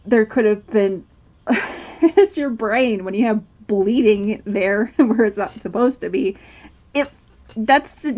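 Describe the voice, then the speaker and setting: Vlogger, a woman, tearful, telling a personal story slowly with nervous laughter. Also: on the high side, darkish tone. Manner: rambling with restarts, nervous laughter through grief.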